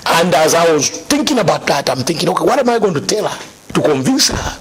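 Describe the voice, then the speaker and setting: Man, middle-aged, raspy voice, lively storytelling, slightly high pitch. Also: fast. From Zambia. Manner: animated, laughing storyteller. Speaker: guest sharing testimony. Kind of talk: conversational storytelling.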